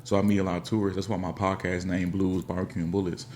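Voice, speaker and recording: Man, Memphis accent, podcast host, low-pitched, casual slangy chat, faint hiss. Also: little pitch movement, quick pace, a little mellow. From Memphis, Tennessee. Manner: laid-back, slangy, acts out other voices.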